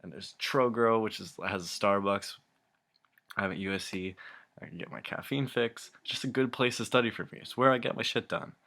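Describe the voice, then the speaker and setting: Low-voiced young man ranting, exasperated. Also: a little fast, a bit bright. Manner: exasperated, rambling, swears a lot, laughs often. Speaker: vlogger. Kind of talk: casual rant to camera.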